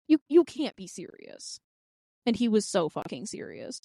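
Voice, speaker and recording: Woman, twenties, podcast co-host, casual chat, dramatic and intense, lively pitch, dry close sound. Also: brisk, no echo. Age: 20s. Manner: intense, dramatic storytelling with acted-out quotes.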